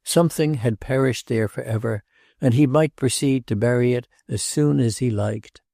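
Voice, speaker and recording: Gravelly, mellow male audiobook narrator. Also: medium pitch, moderate pace, dry recording, studio quality. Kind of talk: scripted literary narration.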